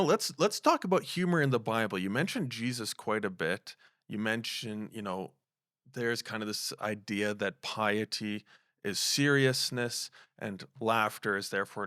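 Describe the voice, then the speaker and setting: A podcast host with a lowish, sharp-toned voice runs a casual interview, asking long, meandering questions and affirming his guest. The sound is clean and studio-like, with no echo.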